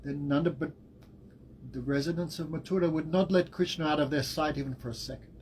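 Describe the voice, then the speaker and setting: A man giving a devotional class as a spiritual teacher, telling the story in a lively way. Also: a little high, brisk, a little hiss or hum, low-quality recording. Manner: animated storytelling with laughs and acted quotes.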